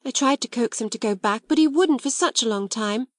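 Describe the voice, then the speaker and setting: A woman's voice: fairly high pitch, brisk, no room sound, clean studio sound, pitched above the performer's own voice, natural voice. A woman voicing a timid, anxious schoolgirl. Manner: pleading, worried girlish delivery.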